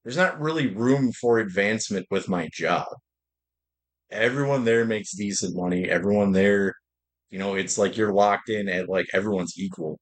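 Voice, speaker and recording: A young man chats casually while streaming a game, rambling through stories and swearing freely. His voice sits a little low. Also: moderate pace. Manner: profane, rambling storytelling. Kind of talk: casual livestream chat while gaming.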